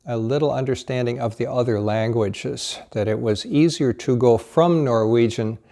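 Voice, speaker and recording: A man's voice: mid-range voice, moderate pace, mellow. A man teaching pronunciation, modeling vowels and short words patiently, one at a time. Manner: patient and encouraging. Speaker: language teacher. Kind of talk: slow pronunciation drill lesson.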